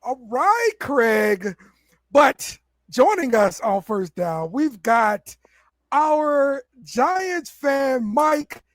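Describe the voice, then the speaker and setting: A man's voice: very high-pitched, sing-song, drawn-out words, fairly bright tone, dry recording, clean studio sound. A man hosting a casual sports chat show, laid back, often repeating words and laughing. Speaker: podcast host.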